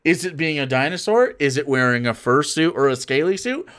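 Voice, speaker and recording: Animated, profane man reacting on stream. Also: fairly high pitch, fairly quick, clean tone. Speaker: streamer reacting to a political video. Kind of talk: casual reaction commentary.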